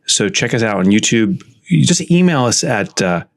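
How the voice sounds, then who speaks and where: Male podcast co-host, lowish voice, rambling casual chat, self-mocking. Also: big pitch swings, normal speed. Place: home office.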